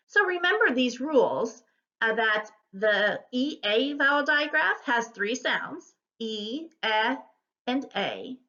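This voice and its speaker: A woman teacher giving a recorded phonics lesson, modeling words and sounds slowly and deliberately for her students. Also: on the high side, sharp tone, highs cut off.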